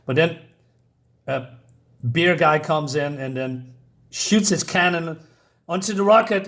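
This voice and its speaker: A man's voice: a little high, slow, long pauses. A man giving a casual comic book review, rambling with many fillers and self-corrections and reading the dialogue aloud in a mostly plain voice.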